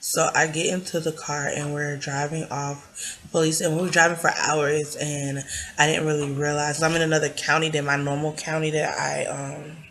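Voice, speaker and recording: A woman's voice: low voice, little pitch movement, moderate pace, fairly bright tone. Young woman vlogger, casual rambling storyteller, loose and filler-heavy delivery. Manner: rambling, filler-heavy retelling with many likes and ums.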